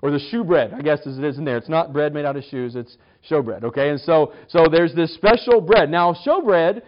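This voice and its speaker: A man's voice: a little high, animated, fairly quick. A man teaching a conversational Bible study, chatty, with wry humor and frequent restarts. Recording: slightly dull lo-fi recording.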